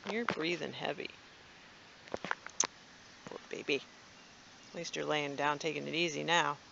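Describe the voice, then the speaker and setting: A woman's voice: low-pitched, little pitch movement, a little fast, creaky, noisy background. A woman vlogging casually from her backyard and home. She rambles along chattily and coos at her cats. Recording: dull lo-fi home video.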